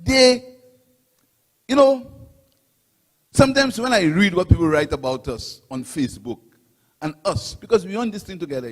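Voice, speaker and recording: Husky-voiced Saint Lucian political speaker. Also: male voice, on the high side, long reverb tail. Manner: impassioned, repetitive oratory with rising and falling emphasis. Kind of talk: political rally speech.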